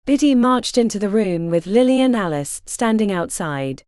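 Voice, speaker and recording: Expressive woman narrating an audiobook. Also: mid-range voice, moderate pace, dry recording, studio quality. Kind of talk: scripted narration.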